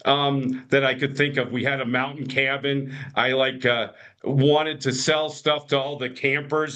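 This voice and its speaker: A man's voice: mid-range voice, sharp tone. A man in his fifties, a podcast guest, telling stories with many restarts and fillers and acting out quoted voices. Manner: rambling, frequent restarts and fillers. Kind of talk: casual storytelling.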